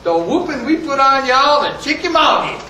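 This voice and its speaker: Man voicing a sly old soldier, giggling, high sharp voice, echoey hall, far from mic. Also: very animated, moderate pace, slight background noise, full character voice. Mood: gleeful. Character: cackling old male Confederate foot soldier, cheeky.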